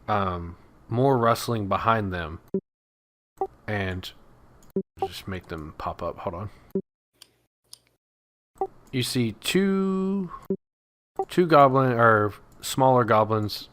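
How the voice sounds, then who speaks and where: Bright-voiced man running a tabletop game. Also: medium pitch. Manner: casual, laughing narration with fillers. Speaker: dungeon master.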